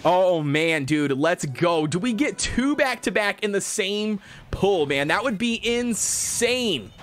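Male gaming streamer, high lively voice, excitable, cheers and hypes the chat. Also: takes it slowly. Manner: hyped, excitable, cheering at the game. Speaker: gaming livestreamer. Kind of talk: live gameplay commentary.

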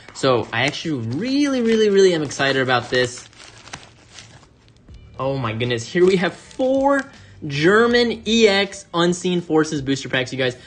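Gushing over every card he pulls, a man hosting an unboxing video talks chattily to his audience, addressing them as "you guys." He's a card-opening channel host with a medium-pitched, fairly bright voice. There's a little hiss or hum on the recording.

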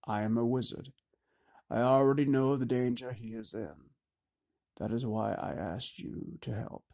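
A kindly old wizard talks in a calm, measured way, reassuring and grandfatherly, as a male audiobook reader plays him. The voice sits close to the reader's own, low-key and mellow in tone. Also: vocal fry. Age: older. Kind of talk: audiobook character voice.

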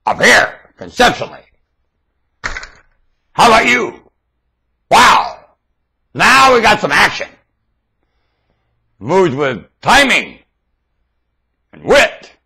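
A man with a husky, bright-edged voice rambles into his webcam, his pitch leaping all over the place. He talks slowly and draws out his words, going from low mutters to excited outbursts. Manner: theatrical, erratic, swings from mutters to excited shouts. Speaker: self-styled webcam broadcaster.

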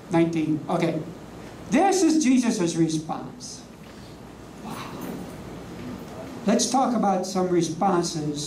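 A preacher teaching a class from slides, leaning on slow, emphatic words and rhetorical questions. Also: medium pitch, dark tone. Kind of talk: sermon with slides. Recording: echoey room, voice from a distance, faint hum.

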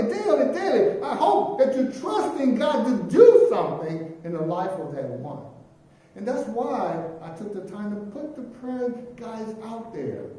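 High, animated preacher in an echoing church. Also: male voice, a little hiss or hum. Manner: animated preaching, swinging from loud to very soft. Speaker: pastor. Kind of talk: sermon. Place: church sanctuary. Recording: very echoey church room from a distance.

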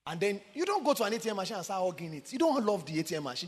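A man preaching a sermon with passion, swinging from sung, shouted emphasis down to quiet low asides. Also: sing-song, very fast. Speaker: pastor. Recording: long hall reverb.

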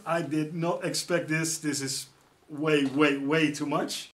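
A middle-aged man with a Dutch accent unboxing gifts in a casual vlog, exclaiming often with excitement. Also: a little high, a little slow. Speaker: YouTuber.

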